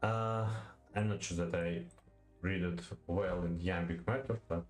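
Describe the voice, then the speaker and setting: A low-voiced man whose first language is Russian thinks his way aloud through a lesson on poetic meter. He speaks slowly, with a lot of hesitation, halting restarts and repeated words. The recording has a roomy echo and faint music in the background. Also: steady tone. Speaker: language learner. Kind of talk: thinking-aloud study session.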